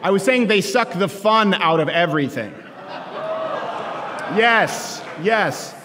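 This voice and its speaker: A man in his thirties giving a joking, sarcastic campus speech to students, shouting his punchlines. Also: high voice, lively intonation, slow pace, background noise. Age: 30s. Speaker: political commentator speaking to students. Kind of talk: stand-up style campus speech. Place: large lecture hall with a live audience. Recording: echoey hall, live crowd.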